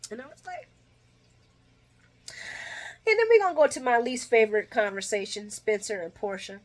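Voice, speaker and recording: A woman giving a casual soap opera recap, chatty and opinionated, her voice jumping between loud bursts and low asides. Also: very animated, normal speed.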